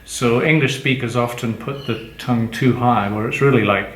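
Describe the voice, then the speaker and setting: A man's voice: mid-range voice, moderate pace. Man, language teacher, patient explaining, roomy echo, faint hum behind. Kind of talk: explaining pronunciation. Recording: echoey room with faint background noise.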